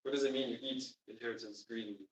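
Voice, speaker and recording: A man's voice: medium pitch, steady tone, very fast. Man teaching in an echoey classroom. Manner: emphatic, quizzes students. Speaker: Quran teacher. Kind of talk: classroom lesson. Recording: echoey room, distant mic.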